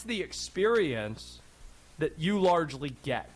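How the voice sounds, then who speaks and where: A man's voice: fairly high pitch, big pitch swings, measured pace, a bit bright. A man from North Carolina in his thirties hosting a sports talk radio show, talking in a wry, digressive way.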